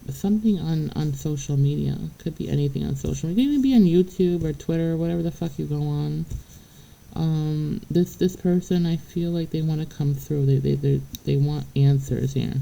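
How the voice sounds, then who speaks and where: A woman's voice: low voice, gravelly, warm tone, low-quality recording. A woman giving a casual spiritual reading straight to the viewer, blunt and profane, chatty and laughing between points. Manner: blunt and profane, keeps checking in with "okay?". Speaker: tarot reader.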